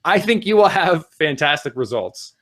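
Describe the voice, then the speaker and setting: A middle-aged man co-hosting a talk show, giving casual advice and speeding up as he gets excited. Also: fairly high pitch, moderate pace. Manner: animated, speeds up when excited. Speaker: podcast co-host.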